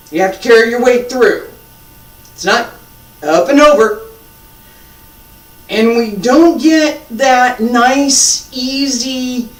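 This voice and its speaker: A martial arts teacher giving a live lesson and demonstrating moves, patient and repetitive, joking at his own expense. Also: mid-range voice. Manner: slow, patient, repeats key points, self-deprecating humor. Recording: echoey room, mic far off.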